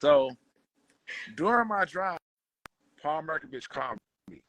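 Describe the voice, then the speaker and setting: A man guest on a conversation show, telling a story in relaxed slang and acting out what others said. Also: fairly high pitch, a little slow, dry recording, rough recording. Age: adult with children. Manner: slangy, relaxed street talk; acts out quoted dialogue. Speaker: podcast guest, bassist.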